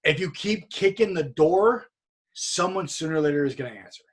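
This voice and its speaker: A man's voice: a little high, animated, normal speed, breathy edge. A man from California telling a story in a casual podcast chat, acting out what other people said. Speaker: podcast guest.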